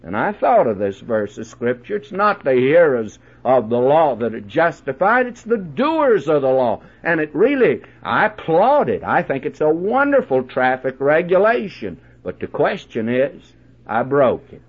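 A man preaching on the radio, telling a personal story in a chatty way, with many halting restarts. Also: fairly high pitch, big pitch swings, breathy edge. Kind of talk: folksy sermon with personal anecdote. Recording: dull lo-fi old radio recording.

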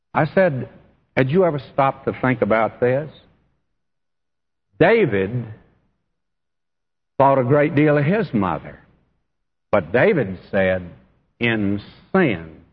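A man's voice: mid-range voice, slightly rough. Earnest male preacher in an echoing hall. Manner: earnest, addresses listeners directly as friend and beloved. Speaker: pastor. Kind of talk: sermon. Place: church. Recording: dull, echoey church hall recording.

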